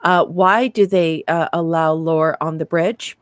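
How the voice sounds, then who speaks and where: A woman co-hosting a casual review podcast, animated and laughing often as she reads from her notes. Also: low-pitched, unhurried, no room sound, studio quality. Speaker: podcast co-host.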